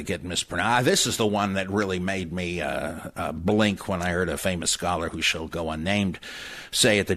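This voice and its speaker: A man's voice: sits low, fairly bright tone, no echo. A man giving a casual, wry commentary on biblical studies, with frequent fillers and spelled-out words.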